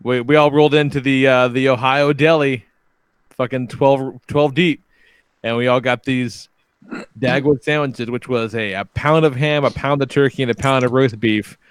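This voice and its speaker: A man's voice: medium pitch, fairly even intonation, moderate pace, smooth, no room sound, studio quality. A man co-hosting a podcast, reading out listener stories in a laid-back, swearing, casual chat. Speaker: podcast co-host.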